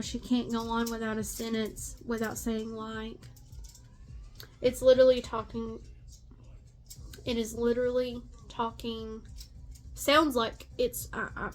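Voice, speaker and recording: A middle-aged woman venting bluntly about family drama, exasperated, swearing freely and repeating herself for emphasis. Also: on the high side. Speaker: stepmother vlogger. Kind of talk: venting rant to camera.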